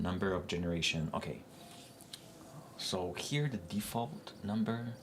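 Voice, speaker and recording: A man with a Quebec French accent and a fairly low voice, a native French speaker, talks through his code with live-stream viewers in a casual, unhurried way. His pace is very slow and drawn out, and a faint noise sits under the voice. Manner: talks to chat while working through code on screen. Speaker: software developer streaming live.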